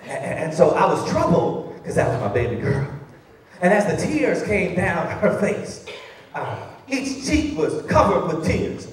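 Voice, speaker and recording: A pastor with a high voice preaches in a very echoey church and is heard from a distance. His sermon swings between loud, emphatic exclamations and quiet, chatty asides to the congregation, with big echoes trailing behind him. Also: wildly swooping pitch, measured pace. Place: large church sanctuary.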